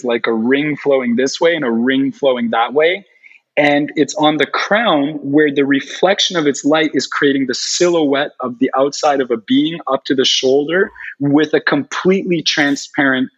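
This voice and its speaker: A man telling a long personal story in an animated, rambling way, full of "like" fillers. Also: mid-range voice, slightly rough. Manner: rambling, heavy use of "like" fillers. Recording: dull lo-fi recording.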